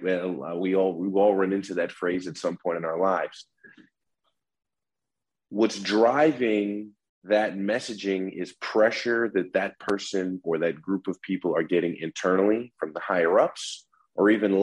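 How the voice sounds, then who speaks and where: A man's voice: sits low, a little mellow, husky, low-quality recording. A man who teaches negotiation, explaining his methods as an interview guest and often restarting with repeated words. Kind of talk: instructive interview talk.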